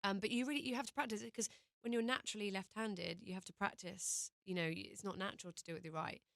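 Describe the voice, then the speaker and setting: A woman's voice: mid-range voice, fairly even intonation, fast talker, vocal fry, a bit bright, no room sound. A British woman, a singer, chatting casually as a guest in a radio studio interview, hesitant with lots of ums and little laughs.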